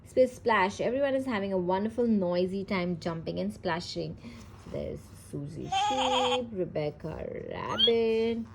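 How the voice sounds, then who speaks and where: A woman reads a picture book aloud in a relaxed, chatty way, stopping to comment on the pages. She stumbles and corrects herself now and then. A faint hiss sits under the recording. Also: mid-range voice, unhurried, gravelly. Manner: reads plainly with fillers and self-corrections, little character voicing. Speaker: mom reading a children's book aloud. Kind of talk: casual read-aloud with commentary.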